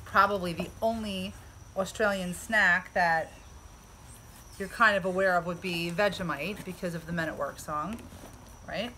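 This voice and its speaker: Casting: bubbly American woman vlogger, bright forceful tone, casual outdoor unboxing chat. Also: lowish voice, measured pace, a little hiss or hum, poor audio. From United States. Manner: chatty, enthusiastic.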